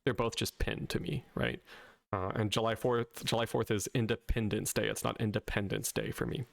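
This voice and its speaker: Brief: male linguistics video host, light Southern American accent, gravelly low voice, dry close sound, conversational and explanatory. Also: little pitch movement, normal speed, dry recording. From southern United States. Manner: conversational, checks in with "right?" after points. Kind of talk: casual explainer.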